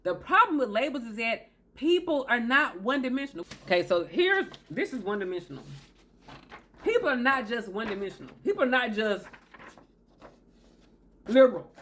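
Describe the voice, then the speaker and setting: Hosting a self-help video, a woman speaks directly to the camera in a slightly high, sing-song voice with a sharp tone and a slightly fast pace. She's emphatic, repeating her key phrases and acting out those she quotes as she gives advice.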